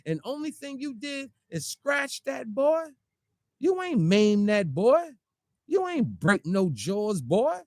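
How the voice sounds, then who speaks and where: An online commentator launches into a heated, confrontational street-talk rant, firing off rapid rhetorical questions and mocking the person he calls out by imitating their voice. His high voice is sing-song. The recording is dry and studio quality.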